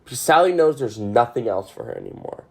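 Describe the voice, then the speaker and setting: A woman's voice: a bass voice, quick pace. A woman hosting a podcast, rambling through an emotional, swear-filled recap. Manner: animated, emotional, swears a lot. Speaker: podcast host.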